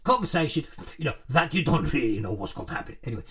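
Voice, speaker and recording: Middle-aged man, husky and bright, lively pitch, digressive storyteller who chuckles as he goes. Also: quick pace. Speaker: shopkeeper telling a joke. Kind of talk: rambling joke-telling.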